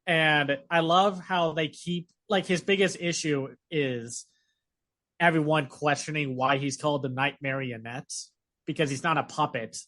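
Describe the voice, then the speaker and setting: A chatty man co-hosting a podcast, his voice sitting a little high for a man. He talks in an animated, rambling way, full of fillers and quick asides. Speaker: podcast co-host. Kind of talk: casual chat.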